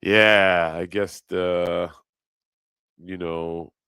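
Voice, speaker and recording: A man's voice: deep voice, flat delivery, very slow, bright, forceful tone, smooth, no echo. A middle-aged man rambling crudely in a casual livestream chat, reading comments aloud and laughing at himself.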